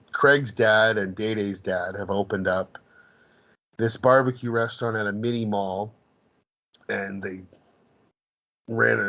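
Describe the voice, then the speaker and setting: Guy on a podcast going over a movie, kinda low voice, lots of starts and stops. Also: fairly bright tone. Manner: rambling with frequent restarts, laughs while recounting. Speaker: podcast co-host. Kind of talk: casual movie discussion.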